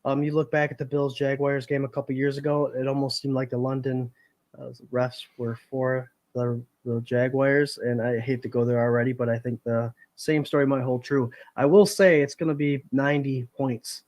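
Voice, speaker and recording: A man's voice: mid-range voice, level tone, normal speed, darkish tone, dry recording. A man co-hosting a casual sports panel podcast, talking in a laid-back way and making game predictions. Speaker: podcast co-host.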